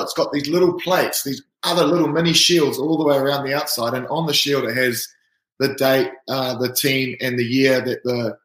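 A man, a rugby player guest telling an animated story in casual chat. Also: medium pitch. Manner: lively, animated anecdote-telling. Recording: roomy echo.

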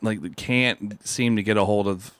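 A man's voice: fairly low pitch, fairly even intonation, measured pace, a bit bright, dry recording. A man in his thirties, a podcast guest, rambling casually with lots of cursing and fillers. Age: 30s. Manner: rambling, profane, many fillers and laughs. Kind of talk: casual chat.

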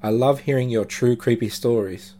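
A man hosting a podcast, narrating true creepy stories in a measured, dramatic way with slow pauses. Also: mid-range voice, dark tone. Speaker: podcast host.

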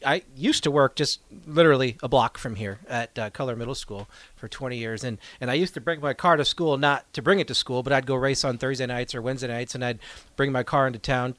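A man's voice: medium pitch, no echo. Laughing man telling a story. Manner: animated storyteller, laughs often. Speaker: guest, local stock car racer and teacher. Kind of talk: casual radio chat, storytelling. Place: radio studio.

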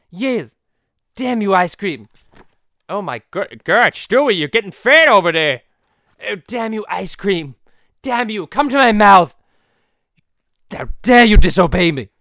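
A pompous little cartoon baby, as a man voices him speaks low and quietly, stumbling over his words. His tone stays bright and the sound is dry and close-up. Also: vocal fry, no room sound, full character voice. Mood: gluttonous. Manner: timid, stammering apologies.

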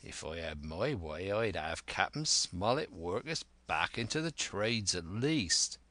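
A male reader doing a gruff old pirate cook, scheming and persuasive, low slow voice, dry close sound. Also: very animated, sharp tone, dry recording, exaggerated voice. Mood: scornful. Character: scheming one-legged pirate cook, older man.

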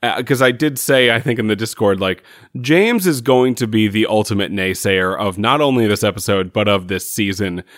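A man with a fairly low voice talks through a TV episode in a relaxed, wry way. He laughs easily as he chats. The sound is dry and close, with little room around it. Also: moderate pace, no echo. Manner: chatty, wry, laughs often. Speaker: podcast co-host. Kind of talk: casual chat reviewing a TV episode.

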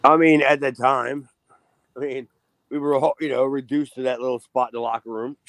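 A man's voice: mid-range voice, steady tone, moderate pace, a bit bright, slight background noise. A man, a former wrestler guest, chatting casually with rambling restarts, laughs and cussing. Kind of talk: casual chat.

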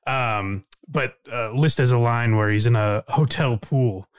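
A man co-hosting a podcast and talking casually with a quick, animated delivery full of fillers. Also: mid-range voice, clean tone. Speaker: podcast co-host.

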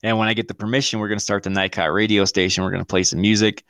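A man's voice: fairly low pitch, level tone, racing, a bit bright. Profane laughing storyteller, a man. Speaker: podcast co-host. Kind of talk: casual storytelling chat.

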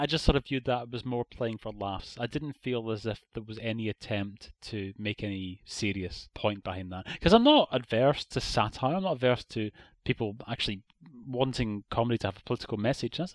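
A man's voice: mid-range voice, brisk, no echo. Irish guy on a podcast, blunt and opinionated, dry close sound. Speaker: podcast co-host. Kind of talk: casual podcast review.

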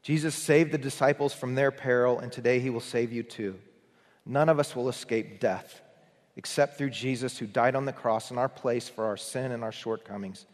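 A man preaching a morning sermon, earnest in tone, who builds up to emphatic peaks and then drops to a near hush. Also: medium pitch, fairly even intonation, normal speed, long reverb tail. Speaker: pastor.

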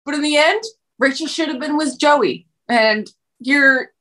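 A woman's voice: high-pitched, a little slow, pushed and bright. A young woman co-hosting a casual chat, talking in a rambling, jokey way and acting out quotes.

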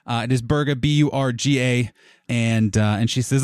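A man narrating as game master of a tabletop game, describing scenes in a relaxed, rambling way with fillers. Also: mid-range voice, moderate pace, clean tone, no echo, studio quality.

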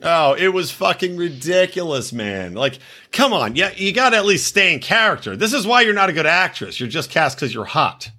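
A man hosting a comedy podcast in a crude, swearing, mocking way. His voice sits somewhat high and bright. His pitch swings widely as he jokes. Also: normal speed, few pauses. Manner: animated, mocking, swears a lot.

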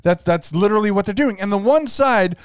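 A man's voice: high voice, expressive, brisk, clear, resonant tone, dry recording, clean studio sound. A man co-hosting a podcast, ranting in a heated, profane and mocking way about politics. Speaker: podcast co-host. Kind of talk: casual political rant.

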